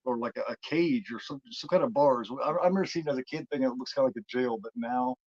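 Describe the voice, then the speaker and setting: A man's voice: medium pitch, fast talker, a little mellow, no room sound. A podcast co-host rambles through a film's plot in casual chat, stopping and restarting often. His mid-range voice comes through a muffled, lo-fi recording that sounds dry and close. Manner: rambling, full of fillers and restarts. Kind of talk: casual film retelling.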